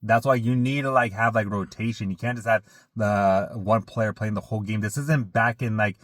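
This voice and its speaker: A man co-hosting a casual sports chat, rambling with lots of fillers and getting animated when he vents. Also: on the low side, normal speed, dry recording, clean studio sound. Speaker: podcast co-host.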